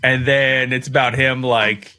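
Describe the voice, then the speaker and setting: A man's voice: medium pitch, flat delivery, a little slow, bright, forceful tone, no room sound, studio quality. A man hosting a podcast in casual chat, steering the topics. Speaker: podcast host.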